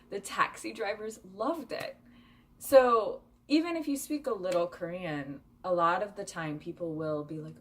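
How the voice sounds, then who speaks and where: A woman's voice: fairly low pitch, normal speed. A young woman vlogger chatting candidly to her viewers, with plenty of fillers. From United States. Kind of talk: casual chat.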